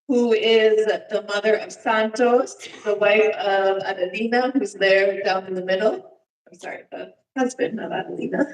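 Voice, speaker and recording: Woman, church speaker presenting slides, halting delivery with frequent fillers, distant and echoey room sound. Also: mid-range voice. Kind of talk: informal presentation to a congregation. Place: church sanctuary.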